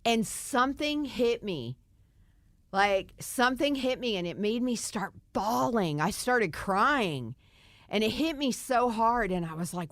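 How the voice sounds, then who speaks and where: A middle-aged woman, a podcast guest, telling her story in a casual, animated chat, laughing now and then. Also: fairly high pitch, unhurried, no echo.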